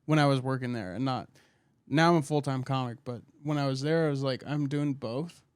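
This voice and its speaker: A man's voice: medium pitch, quick pace, clean tone, no echo. A man who is a comedian, co-hosting a podcast in casual chat, emphatic and joking.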